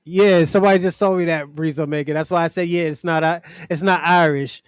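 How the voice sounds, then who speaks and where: A man holds forth on a livestream in a loose, profane, mocking rant, often breaking into laughter. His voice sits high for a man and sounds close and dry, with no room around it. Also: fairly even intonation, a little fast, clean tone, no echo. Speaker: livestream host.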